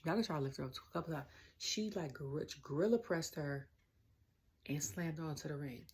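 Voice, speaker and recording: A woman's voice: sits low, fairly quick, darkish tone, breathy edge. A young woman with a Southern US accent, rambling casually through a wrestling review, full of slang and filler. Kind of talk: casual rant-style review.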